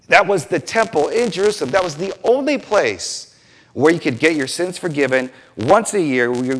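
Male pastor, fairly high voice, very lively intonation, preaching and acting out scenes. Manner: animated, acts out biblical scenes with quoted voices. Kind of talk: sermon.

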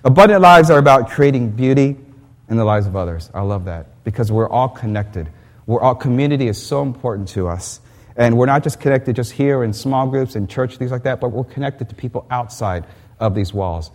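A man pastor delivers a conversational sermon at a church service. He speaks at a middling pitch and keeps a chatty, self-deprecating tone, often restarting his sentences. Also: brisk.

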